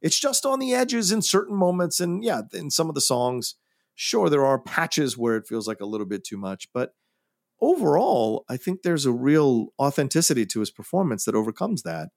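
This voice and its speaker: A man's voice: on the high side, very animated, moderate pace, dry recording, studio quality. A man co-hosting a casual film podcast, giving earnest, emphatic opinions. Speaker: podcast co-host.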